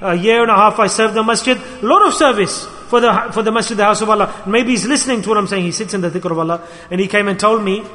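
A man's voice: sits high, quick pace, hardly any pauses, pushed and bright. A man preaching a sermon, emphatic and exhorting, telling stories to his listeners. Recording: echoey hall.

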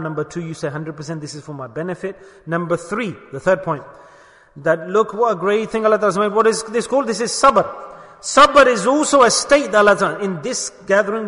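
A man preaching a sermon in an emphatic way, asking rhetorical questions and dropping to soft murmurs. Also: high-pitched, in a large hall.

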